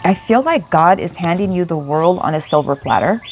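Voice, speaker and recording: A woman's voice: fairly low pitch, lively intonation, fairly quick, a little hiss or hum. A young woman giving a casual, chatty spiritual card reading, swearing now and then, outdoors. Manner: chatty, swears, talks to her dog in between. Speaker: card reader.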